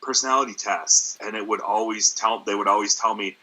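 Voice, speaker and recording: A guest comedian, a man with a lowish voice, chats in a relaxed, rambling way. His tone is very bright and sharp. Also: fairly quick, poor audio. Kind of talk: casual chat.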